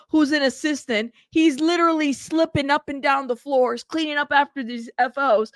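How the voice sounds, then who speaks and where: A woman's voice: sits high, fairly even intonation, moderate pace, hardly any pauses, no echo, studio quality. A young woman hosting live news commentary, reading court updates aloud and reacting with laughs and asides. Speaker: host reading trial updates.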